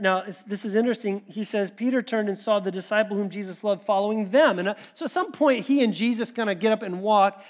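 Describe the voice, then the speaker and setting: A man pastor giving a sermon in a conversational, animated way, acting out quoted asides. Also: sits high.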